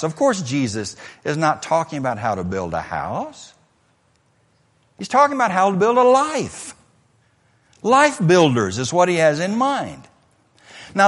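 A man's voice: on the high side, very animated, a little slow. A middle-aged man preaching a sermon in a church, in an earnest, conversational way with many rhetorical questions, heard in an echoey hall. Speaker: pastor. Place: church sanctuary.

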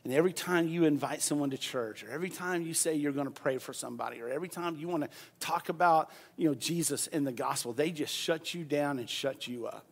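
A man preaching a sermon, moving from quiet storytelling to loud, shouted preaching and leading the congregation in call-and-response. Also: a little high, fast, gravelly, slightly rough. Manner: leads the congregation in repeating phrases. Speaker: pastor.

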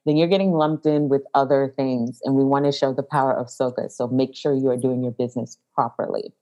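Low-voiced, giggly woman co-host. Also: fairly even intonation, a little fast, warm tone, muffled recording. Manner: upbeat, giggly, advice-giving. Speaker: podcast co-host. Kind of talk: casual chat.

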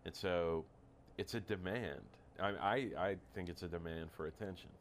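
A man with a very deep voice talks things through in casual chat. He thinks aloud, halting and repeating words as he searches for the point. A faint hiss runs under him. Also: fairly even intonation.

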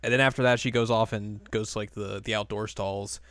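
A man chatting casually on a podcast, retelling an episode with lots of laughter and quick impressions of the characters. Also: on the low side, fairly even intonation, fairly bright tone, clear, resonant tone, no room sound. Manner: laughs often, acts out characters' lines in quick put-on voices. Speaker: podcast co-host. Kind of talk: casual chat recapping an anime episode.

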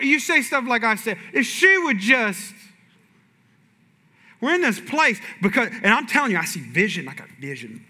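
A man preaching a sermon, animated and shifting from loud punches to hushed asides. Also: high voice. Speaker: pastor. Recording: reverberant hall.

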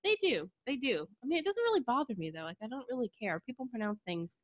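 A woman's voice: on the high side, sing-song, fast, dull audio. A woman co-hosting a casual chat, teasing and easygoing. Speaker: podcast co-host.

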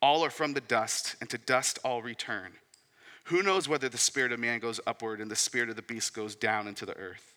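A man in his thirties delivers a sermon, his very bright and forceful voice mixing scripture reading with casual, conversational asides. He often poses rhetorical questions. The sound carries a long reverb, as from a large hall. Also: mid-range voice, fairly quick. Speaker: pastor.

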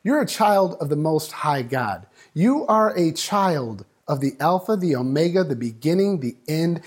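A man preaching a sermon, building up and dropping to a hush, acting out voices in the story. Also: fairly high pitch, very animated, measured pace, breathy edge. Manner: dynamic preaching, swings from loud to hushed. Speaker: pastor.

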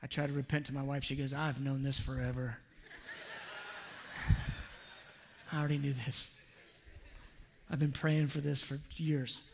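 A man preaching a sermon, telling a personal story in an earnest, confessional way with soft asides. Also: a little high, flat delivery, normal speed, vocal fry, pauses often, long reverb tail, slight background noise. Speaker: pastor.

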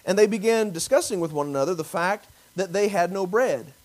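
A man preaching a sermon, acting out biblical voices and swinging from loud emphasis to near whispers. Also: high-pitched, fairly quick, poor audio. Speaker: pastor.

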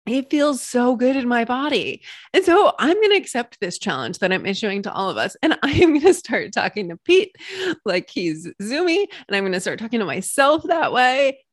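A woman's voice: big pitch swings, moderate pace, no echo, studio quality. Bubbly woman hosting a solo podcast. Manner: bubbly, swings into high squealing cheerleader praise. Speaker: podcast host and coach. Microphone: computer mic.

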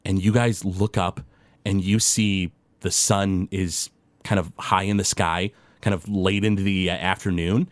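A man's voice: lowish voice, no room sound. Guy gm narrating a tabletop game, rambly w lots of "like", dry mic. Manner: loose, descriptive narration with many fillers. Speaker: game master.

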